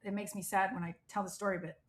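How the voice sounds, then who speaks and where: A middle-aged woman from the United States telling her life story as a guest in an interview, animated and emphatic, acting out what people said. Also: medium pitch, quick pace. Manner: animated, emphatic, frequent "like" and quoted dialogue.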